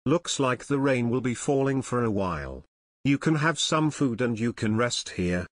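A man reading the part of a gruff, short-tempered grown man who scoffs and snaps at guests in a storybook. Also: medium pitch, expressive, moderate pace, no room sound, studio quality, close to an everyday voice. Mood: curt. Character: gruff grumpy grown man, curt and dismissive.

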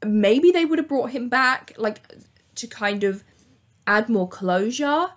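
A young woman hosting a casual, chatty TV recap, acting out quotes in an animated way. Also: fairly high pitch, takes it slowly. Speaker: YouTube host.

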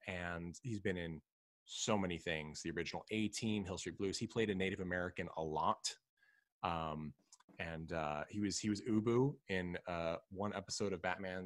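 A man's voice: low voice, no room sound. A man hosting a casual film-discussion podcast, rambling with many fillers and restarts. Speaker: podcast host.

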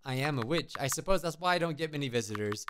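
A man reading the lines of a lonely, motherly woman witch who lives alone in the woods, in a soft and polite way. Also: fairly high pitch, lively intonation, quick pace, noisy background, natural voice. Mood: gentle. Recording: game music behind.

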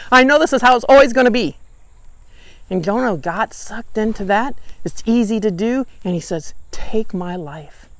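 A woman leads a Bible study lesson in a church, telling the story with lots of energy. She acts out the characters' lines as she goes. Her voice sits at an average pitch, and the recording is dry and close with almost no room sound. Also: no room sound.

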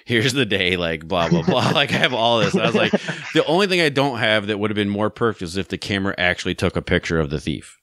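Low-voiced rambling man telling a story. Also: lively intonation, fast, fairly bright tone, no room sound, clean studio sound. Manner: rambling, many fillers and restarts. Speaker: podcast host. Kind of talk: casual storytelling chat.

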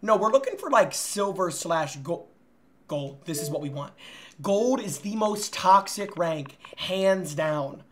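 A young man hosting his own gaming channel in casual, excitable commentary, bursting into loud shouts. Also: high-pitched, a little slow, slight background noise. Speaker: gaming streamer, host.

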